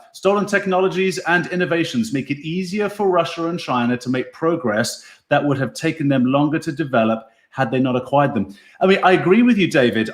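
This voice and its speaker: Easygoing man in an echoey room. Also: mid-range voice. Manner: easygoing, musing, chuckles often. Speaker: podcast host. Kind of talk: casual online show chat reading viewer comments.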